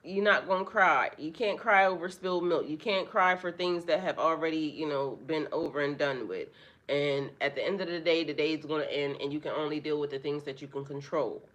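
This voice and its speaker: Chatty tarot reader talking to the chat, swears a lot, bright crisp voice. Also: medium pitch, a little fast, dull audio. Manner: chatty and profane, greeting viewers by name. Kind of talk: casual live tarot reading.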